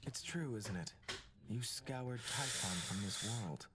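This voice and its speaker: An actor voicing a solemn male seer of prophecies in a video game, speaking gravely. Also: medium pitch, expressive, slow, a bit bright.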